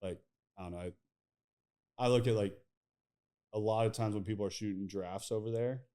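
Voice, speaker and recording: A man's voice: fairly low pitch, fairly even intonation, brisk, mellow. A man hosting a podcast in casual chat, rambling through stories with lots of fillers. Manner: rambling, filler-heavy, laughs at his own stories. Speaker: podcast host.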